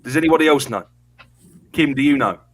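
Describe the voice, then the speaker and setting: A man's voice: medium pitch, a little fast, fairly bright tone, slight background noise. A British man in a casual group chat, enthusiastic and casually profane. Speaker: panelist.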